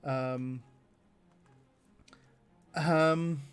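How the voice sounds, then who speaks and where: A man's voice: fairly high pitch, fairly even intonation, very slow, clear, resonant tone, faint music behind. A man streaming a text adventure game, reading the options aloud and laughing often.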